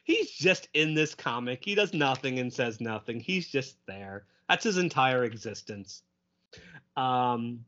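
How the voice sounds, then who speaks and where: A man co-hosting a casual podcast, lively and laughing often, quoting characters in goofy voices. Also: mid-range voice. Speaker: podcast co-host. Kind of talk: casual chat. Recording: dull lo-fi audio.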